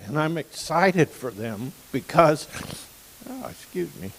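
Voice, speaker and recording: Slow, folksy older man. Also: fairly high pitch, very animated, long reverb tail, slight background noise, poor audio. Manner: folksy and rambling, with pauses and throat-clearing. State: emotional. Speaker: graduating guide dog client. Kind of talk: casual graduation speech. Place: outdoor campus stage with audience.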